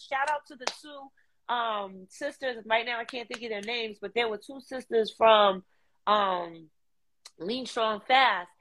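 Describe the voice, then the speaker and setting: Animated middle-aged New woman. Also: medium pitch, unhurried. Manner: animated, slangy storytelling with lively put-on voices. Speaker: guest. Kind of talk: casual storytelling chat.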